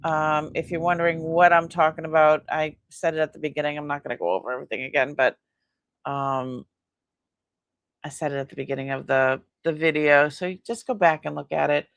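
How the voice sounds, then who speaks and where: A worn-out woman chats her way through a live unboxing stream, rambling and laughing as she goes. Her voice has a gravelly fry. The sound is close and dry. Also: sits low, fairly even intonation, a little fast, no room sound. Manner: chatty, rambling, laughs often. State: tired, yawning. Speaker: host selling antiques in a live sale.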